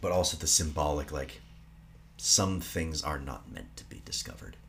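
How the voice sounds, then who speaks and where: Man, podcast co-host, very low voice, dramatic plot retelling with hushed moments, faint hum. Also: normal speed. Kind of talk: casual film recap podcast.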